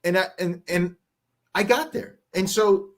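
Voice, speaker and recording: Podcast guest, man with a high voice, punchy motivational storyteller. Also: unhurried. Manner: energetic, emphatic, acts out voices.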